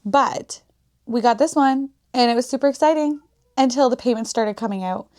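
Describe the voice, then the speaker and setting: A woman's voice: a little high, normal speed, darkish tone. A woman hosting a casual podcast, telling stories bluntly with a lot of swearing and quoted asides. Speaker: podcast host. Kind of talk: casual chat.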